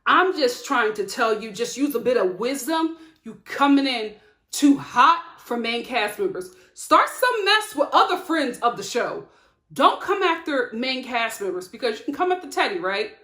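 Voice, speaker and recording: An outspoken woman talks straight to camera, recapping reality TV drama with lively sass and frequent laughter. Her voice sits slightly high. The room around her rings with noticeable echo. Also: moderate pace. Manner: animated, outspoken, laughs often. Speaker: TV reality show reviewer. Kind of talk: sassy recap commentary to camera. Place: home studio with lights. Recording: echoey room.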